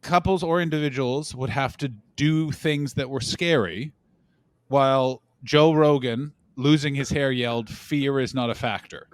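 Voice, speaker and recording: A man chatting on a comedy podcast, spinning loose, animated stories with plenty of swearing and acted-out quotes. His voice is close and dry, with no room sound, and sits at an ordinary pitch. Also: a little slow, no echo. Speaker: podcast co-host. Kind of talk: casual comedic chat.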